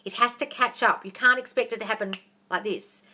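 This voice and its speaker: Brash Australian woman, bright voice. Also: a little high, fairly quick. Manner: blunt, brash and profane, calls listeners darling. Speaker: manifestation coach. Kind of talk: livestream Q&A, reading and answering viewer questions.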